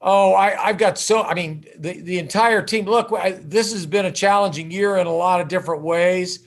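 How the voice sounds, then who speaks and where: A man's voice: sits high, moderate pace. A man speaking as a mayor in an interview, friendly and rambling with many hesitations. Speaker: big-city mayor, interviewee. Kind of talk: relaxed interview banter.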